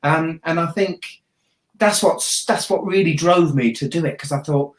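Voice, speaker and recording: A man from Southampton with a Hampshire accent, a watch YouTuber chatting casually as a guest, joking and laughing, often trailing off quietly. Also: on the high side, normal speed. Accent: Hampshire English. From Southampton, England. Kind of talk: casual interview chat. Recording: echoey room.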